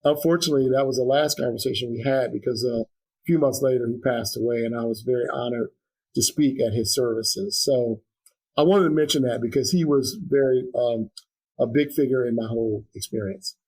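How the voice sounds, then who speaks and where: A man's voice: medium pitch, a little fast, a little mellow, slightly rough, rough recording. A middle-aged man telling his story as an interview guest. He sounds earnest and reflective, with a mid-range voice, and he often stops to restart a sentence or add a filler. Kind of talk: conversational interview.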